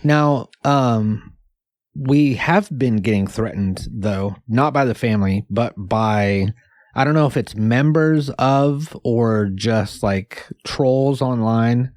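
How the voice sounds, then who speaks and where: A man co-hosting a comedy podcast, joking in a deadpan, rambling way. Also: medium pitch, takes it slowly, no room sound, studio quality. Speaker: podcast co-host. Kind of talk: casual comedy chat.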